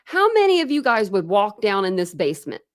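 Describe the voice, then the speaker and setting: A woman's voice: mid-range voice, wildly swooping pitch, brisk, no echo, clean studio sound. A young adult woman from the United States hosting a casual true crime live stream, chatting and answering viewer comments. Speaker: true crime channel host.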